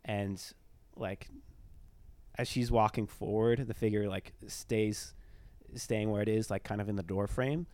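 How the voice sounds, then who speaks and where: A man's voice: on the low side, steady tone, unhurried, a little mellow, no echo. A young man telling a ghost story in casual podcast chat, rambling, with lots of fillers. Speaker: storyteller, former tour guide.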